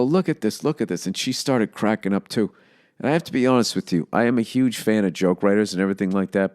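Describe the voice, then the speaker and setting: A man ranting on his podcast in a loose comic monologue, swearing constantly and wandering off on tangents. His voice sits a little low for a man. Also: clean tone. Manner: profane, rambling, heavy swearing. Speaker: podcast host. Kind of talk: comedic monologue rant.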